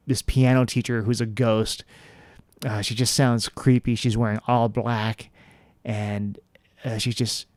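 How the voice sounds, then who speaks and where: Young male vlogger, easygoing and chatty, smooth clean voice, dry close sound. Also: mid-range voice, dry recording. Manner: relaxed, many fillers and restarts. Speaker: vlogger reviewing attractions. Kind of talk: casual review talk.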